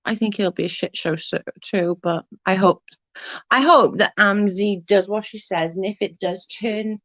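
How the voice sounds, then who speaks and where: A woman's voice: mid-range voice, a little slow, fairly bright tone, no echo. A woman with an English accent chatting casually on a livestream, blunt and sweary as she answers comments. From England. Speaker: livestream host. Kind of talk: casual live chat reading comments. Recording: dull dry lo-fi stream audio.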